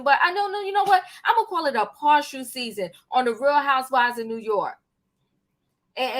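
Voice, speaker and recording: An older woman hosts with a high, bright voice that rings out clearly. She chats in a lively, playful way, leaning on slang and filler words. She sounds like she is running a casual gossip panel. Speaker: host.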